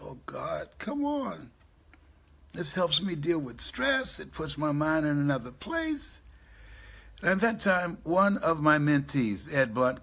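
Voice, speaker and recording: Gravelly older man giving a motivational talk. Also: medium pitch, fairly bright tone. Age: 70s. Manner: storytelling, laughs at his own jokes. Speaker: motivational speaker. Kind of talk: live motivational speech. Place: on stage before a live audience.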